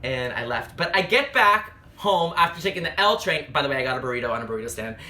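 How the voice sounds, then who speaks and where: A young man telling a comedic dating story to camera, sassy, animated and profane. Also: medium pitch, quick pace. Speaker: travel vlogger.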